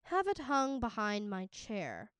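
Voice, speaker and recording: A woman voicing a pompous, greedy male magistrate who booms orders, read slowly in a storybook read-aloud. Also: wildly swooping pitch, a bit bright, clear, resonant tone, dry recording, exaggerated voice. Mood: commanding. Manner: booming, commanding.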